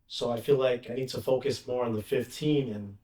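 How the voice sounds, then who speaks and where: Male student, mid pitch, soft and reflective, heard from away from the mic. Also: fairly even intonation, brisk. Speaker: trading student. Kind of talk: casual class discussion. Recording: distant from the mic.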